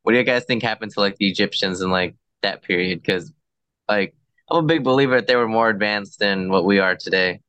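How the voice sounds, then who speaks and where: A man's voice: lowish voice, a little fast, sharp tone, clear, resonant tone, dry recording. A man in a casual roundtable chat, asking curious questions. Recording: dull lo-fi sound.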